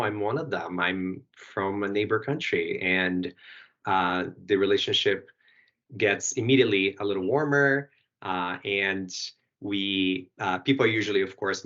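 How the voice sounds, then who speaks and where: A man working in PR, speaking in a measured way on a podcast, with many hesitant pauses. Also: low-pitched, fairly bright tone. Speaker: PR professional. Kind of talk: casual podcast discussion. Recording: slightly muffled audio.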